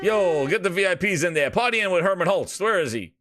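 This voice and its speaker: A man with a New York accent, hosting a casual gaming show, with hype-man shouting and loose, rambling talk that repeats itself. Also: high voice, lively intonation, fairly quick, background noise. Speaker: podcast host.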